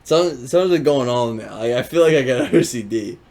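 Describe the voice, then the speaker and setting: A man's voice: mid-range voice, lively intonation, fairly quick, darkish tone. A young man co-hosting a podcast, chatting casually, rambling through stories with lots of fillers and frequent laughs. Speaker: podcast co-host. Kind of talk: casual chat.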